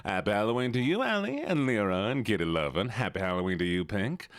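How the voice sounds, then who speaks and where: A man's voice: on the low side, sing-song, fast, no echo, clean studio sound, voice pushed down. A male streamer putting on a folksy Southern accent while greeting his chat by name. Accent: Southern US (put on). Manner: chummy drawl, reads off names.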